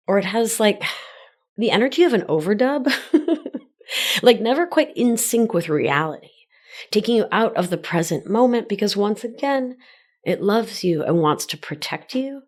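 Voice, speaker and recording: A woman hosting a solo wellness podcast, teaching in a gentle sing-song and a slow, deliberate way. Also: mid-range voice. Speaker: podcast host and life coach.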